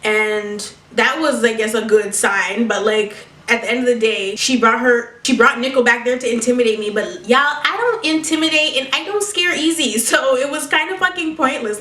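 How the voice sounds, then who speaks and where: A woman's voice: a little high, fairly bright tone, distant mic. A young woman vlogger telling a story with sass, profanity and laughter, recorded at home. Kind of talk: storytime vlog. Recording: echoey room, mic set back.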